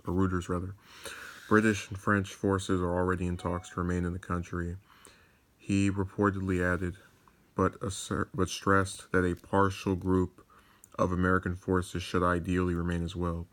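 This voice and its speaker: Low, flat-voiced male political commentator. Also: moderate pace. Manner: sardonic, digressive, with frequent restarts. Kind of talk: reading news and commenting.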